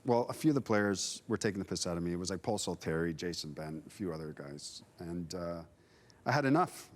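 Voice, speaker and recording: A man in his forties, a former player on a sports panel, telling a lively anecdote and acting out the voices of the people in it. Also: sits low, fairly quick. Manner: animated anecdote teller, acts out dialogue. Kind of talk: casual storytelling on a sports panel.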